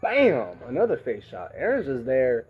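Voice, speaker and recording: A man talks through an anime episode in a loose, rambling review, cursing often and getting worked up. His voice sits at an ordinary middle pitch, with a faint noise under the recording. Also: normal speed, phone-quality sound. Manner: profane, rambling, excitable. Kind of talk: casual review rant.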